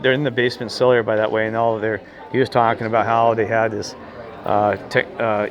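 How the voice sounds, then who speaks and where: Rambling low-voiced man telling a story. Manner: rambling, excitable, gesturing while talking. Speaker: vlogger telling a ghost story. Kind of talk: casual storytelling.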